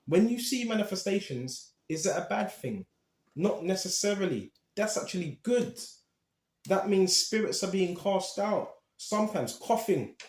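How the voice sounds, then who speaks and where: Emphatic preacher man, echoey room. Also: sits high. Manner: animated, emphatic, talks straight to listeners. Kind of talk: Bible teaching.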